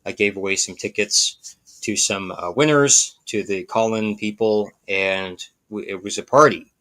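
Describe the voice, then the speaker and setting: A man's voice: on the low side, a little slow, sharp tone. A man co-hosting a podcast, telling stories in an enthusiastic, laughing way. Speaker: podcast co-host. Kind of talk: casual chat.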